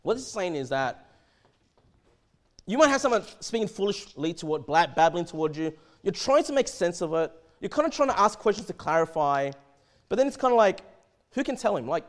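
A man preaching a verse-by-verse sermon, animated and often repeating and restarting his words. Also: sits high. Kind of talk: expository sermon.

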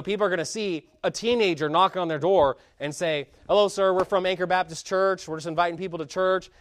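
A man preaches passionately, building up to loud, emphatic peaks and then sinking into low, quiet asides. There is no room sound in the recording.

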